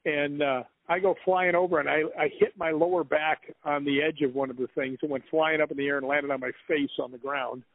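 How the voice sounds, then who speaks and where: A man's voice: on the high side, steady tone, fairly quick, hardly any pauses, no echo. A man telling long, rambling stories as a guest author in an interview, breaking into laughs. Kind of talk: storytelling in an interview. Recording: phone-like, dry line.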